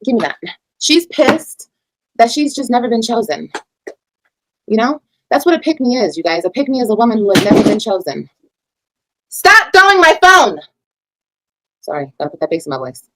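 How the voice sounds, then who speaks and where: A woman's voice: expressive, a little fast, noisy background. A mother on a livestream, ranting about her critics in a heated, profane way and lecturing her viewers. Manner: heated, profane, preachy, swings between loud and low. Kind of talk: casual livestream rant.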